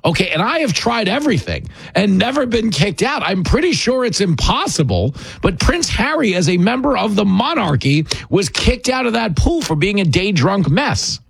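Comedy host, male, sarcastic monologue, lively husky delivery, dry close recording. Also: high-pitched, normal speed, few pauses, no echo. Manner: sarcastic, mocking.

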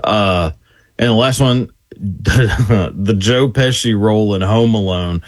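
Low-voiced man chatting casually. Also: slow, dry recording. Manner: offhand, trails off into low mutters. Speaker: co-host. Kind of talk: casual banter.

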